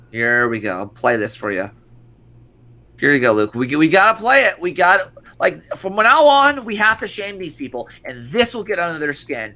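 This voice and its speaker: A man's voice: fairly high pitch, animated, normal speed, pushed and bright. A man co-hosting an online show, ranting in profane casual commentary full of stumbling restarts. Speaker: stream co-host.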